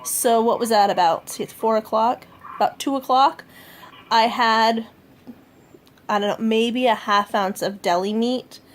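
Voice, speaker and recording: A woman with a fairly high voice talks casually at home, logging her day's food for a vlog. She rambles along with fillers and self-corrections. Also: measured pace. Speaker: vlogger.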